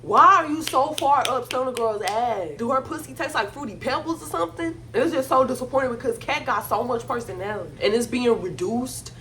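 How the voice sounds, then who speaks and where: A woman's voice: a little high, a little fast, few pauses, bright, forceful tone, a little hiss or hum. A woman casually recapping a reality show episode, talking bluntly with slang and plenty of profanity.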